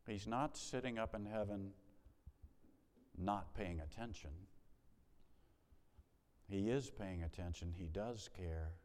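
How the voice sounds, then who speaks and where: Male pastor, lowish voice, sermon delivery that drops to a hush and climbs to emphasis, long church-hall reverb. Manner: storytelling, swings between soft hush and emphatic rises.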